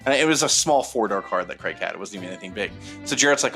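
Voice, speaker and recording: A man with a bright, forceful voice spins a rambling, animated story on a casual podcast, full of ums and acted-out quotes. Faint music plays softly behind him. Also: mid-range voice, very fast, few pauses. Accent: Southern Californian. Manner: rambling, animated anecdote-telling with many fillers. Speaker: podcast co-host.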